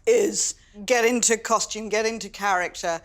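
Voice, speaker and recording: A woman's voice: mid-range voice, moderate pace. A woman hosting a dinner party, chatting casually and telling stories in a theatrical, dramatic manner. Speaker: dinner party host and contestant. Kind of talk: casual chat and storytelling.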